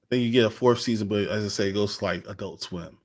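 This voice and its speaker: A man's voice: lowish voice, fast. A man co-hosting a casual live chat show, rambling, with frequent laughs and repeated starts. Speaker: co-host.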